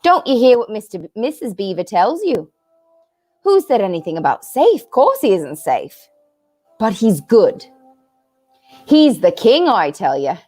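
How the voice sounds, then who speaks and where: A woman's voice: medium pitch, very animated, a little slow, long pauses, a little mellow, faint music behind, voice pushed up. A woman doing a folksy talking beaver. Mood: emphatic. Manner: earnest, folksy drawl slipping in. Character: kindly gruff male talking beaver.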